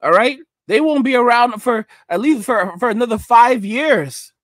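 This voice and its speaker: High-voiced man ranting emphatically. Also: expressive, moderate pace, fairly bright tone, dry recording, clean studio sound. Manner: emphatic, repeats phrases, keeps asking "all right?"; slips into mocking put-on voices. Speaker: host of a commentary livestream. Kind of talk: ranting commentary, reading viewer chat.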